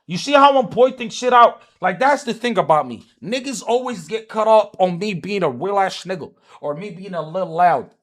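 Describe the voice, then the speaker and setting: A man's voice: on the high side, fairly bright tone. Heated, profane male streamer ranting. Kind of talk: live stream rant about soccer.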